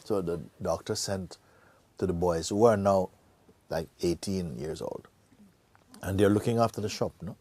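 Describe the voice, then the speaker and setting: A man acting as a spiritual teacher, telling a parable in an animated way, laughing often and tagging his lines with "no?". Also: sits low, moderate pace, pauses often, no room sound. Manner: lively and animated, laughs often, tags lines with "no?" and "you know". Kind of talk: storytelling in a spiritual talk.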